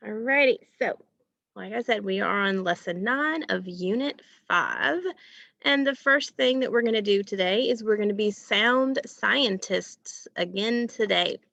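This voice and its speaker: Slow, patient woman teacher with gravelly voice. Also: mid-range voice, fairly bright tone, dry recording, muffled recording. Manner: slow, patient, asks questions and pauses for answers. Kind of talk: recorded phonics lesson for children.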